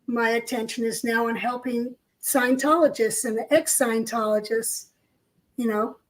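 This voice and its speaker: A woman's voice: a little high, fairly even intonation, unhurried, rough recording. An older woman co-hosting a casual discussion, telling stories in an earnest way. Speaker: co-host. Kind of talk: casual chat.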